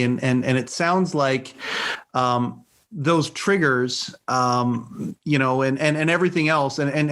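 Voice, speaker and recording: A man's voice: mid-range voice, fairly bright tone. Earnest man hosting a podcast chat. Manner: many restarts and repeated words, earnest. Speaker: podcast host. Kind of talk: casual interview conversation.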